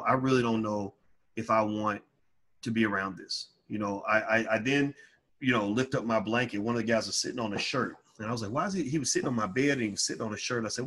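A man telling a personal story in an emphatic monologue, growing loud and high-pitched when heated. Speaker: financial educator.

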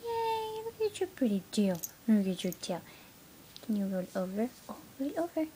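A woman talking baby talk to her puppy at home, cooing in a sing-song voice and dropping into soft whispers. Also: mid-range voice, big pitch swings, moderate pace, a little hiss or hum, low-quality recording. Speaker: pet owner filming her puppy.

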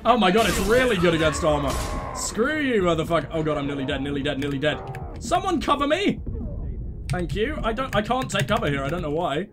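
Man, let's play commentary, high voice, swings up and down, excitable, cursing, game music behind. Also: quick pace, hardly any pauses. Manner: excitable, swearing, talking to teammates. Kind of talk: gameplay commentary.

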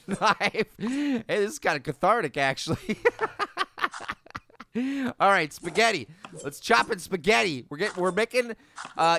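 A man's voice: sits high, creaky, bright, forceful tone, slight background noise, full character voice. A man voicing a goofy, mischievous male talking orange, giving teasing let's play commentary with lots of giggles. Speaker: game commentator.

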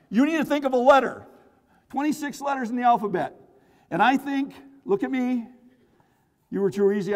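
A man running a seminar on stage, playful and teasing, calling out to the audience and using volunteers for magic tricks. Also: high voice. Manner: playful, teasing, call-and-response with the crowd. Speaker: motivational speaker and magician. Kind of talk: energetic seminar talk with audience participation. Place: large hall with audience. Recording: echoey hall reverb.

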